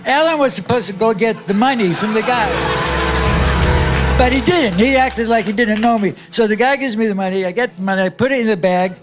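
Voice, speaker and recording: An older man with a high voice speaks fairly quickly as a comedian guest on a comedy club stage. He tells a long, rambling, profane story and chuckles at himself, recorded live with the crowd and music audible.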